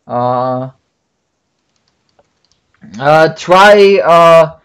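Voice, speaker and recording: A man with a German accent and a fairly high voice chats casually on a stream. He talks in animated bursts, stumbling through fillers and repeated words as he hunts for English. His speech runs loose and unscripted. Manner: animated, halting with many fillers and restarts. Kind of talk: casual chat.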